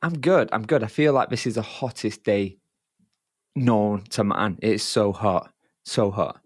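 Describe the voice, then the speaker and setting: A man's voice: lowish voice, a little slow, slightly rough, dry recording. Male podcast host, easygoing, repeats himself, dry close sound. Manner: relaxed, repeats phrases, friendly. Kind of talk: casual podcast interview.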